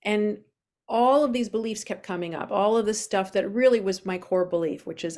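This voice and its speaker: A woman's voice: mid-range voice, moderate pace, a little mellow. A woman in her forties, a guest on an interview show, telling her personal story openly with many fillers. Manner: open, earnest, with frequent fillers.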